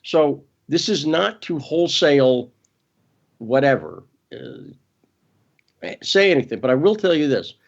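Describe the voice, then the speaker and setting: A man's voice: a little high, sing-song, measured pace, gravelly, long pauses, highs cut off. A man as an interview guest, talking casually and emphatically, often restarting and correcting himself.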